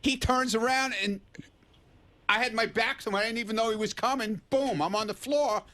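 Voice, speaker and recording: A man's voice: very high-pitched, normal speed, pushed and bright, no room sound. A man, a regular on a radio show, telling a story animatedly and defending himself against teasing. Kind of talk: casual radio banter. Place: radio studio.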